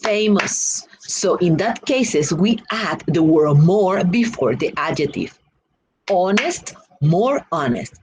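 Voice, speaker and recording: A woman teaching an English grammar lesson with a Spanish-influenced accent, slowly repeating and drilling example words. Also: fairly low pitch, animated, noisy background.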